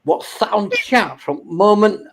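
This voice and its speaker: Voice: medium pitch, a little slow. A speaker chatting on a stream, telling stories loosely, swearing and laughing often. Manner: swears freely, laughs often, lively storytelling. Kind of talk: casual chat, reminiscing.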